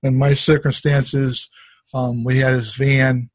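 A man's voice: mid-range voice, flat delivery, slow pace, husky, no room sound. Middle-aged guy rambling through a faith story on a call, lots of restarts, dry close sound. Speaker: testimony sharer. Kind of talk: casual spoken testimony. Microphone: conference call.

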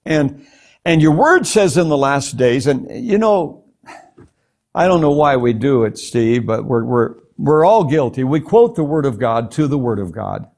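A man's voice: mid-range voice, animated, unhurried, a little mellow. An older man, a guest preacher, telling a personal testimony in an interview, earnest and prone to stumbling over repeated words. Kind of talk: testimony in a talk show interview.

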